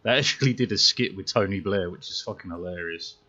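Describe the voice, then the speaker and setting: A man's voice: low voice, brisk, bright, forceful tone, lo-fi sound. A man with a British accent, chatting casually and swearing while he plays a racing game, mocking his own mistakes. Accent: British English. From Britain. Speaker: streamer. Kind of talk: casual gameplay commentary.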